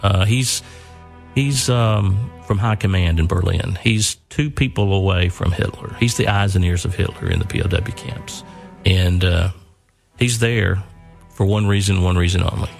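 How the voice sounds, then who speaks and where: Gravelly older guy, earnest storytelling, keeps repeating words. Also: sits low, moderate pace, soft background music. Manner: earnest, with frequent repeats and restarts. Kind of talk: spoken personal storytelling.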